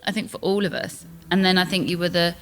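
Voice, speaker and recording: A woman's voice: lowish voice, steady tone, fast talker, a bit bright, a little hiss or hum. A woman hosting a podcast, reminiscing enthusiastically and laughing often in casual chat. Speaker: podcast host.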